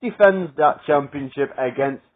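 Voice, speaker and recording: A man's voice: fairly high pitch, normal speed. Tinny-sounding man rambling through predictions. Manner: rambling, filler-heavy, chuckles at his own asides. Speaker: wrestling predictions vlogger. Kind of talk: casual solo predictions commentary.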